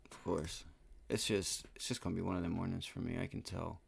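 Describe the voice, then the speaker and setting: Man, gravelly voice, lowish pitch, live trading commentary, profane, frustrated. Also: little pitch movement, brisk. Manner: thinking aloud over charts. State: aching back. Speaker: day trading livestream host.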